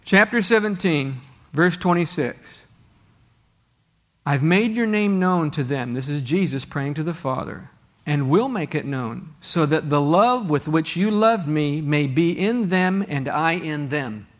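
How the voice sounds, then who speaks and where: A man's voice: a little high, lively intonation, measured pace. A man preaching a sermon to a congregation, reading scripture aloud and asking rhetorical questions in a conversational way. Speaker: pastor.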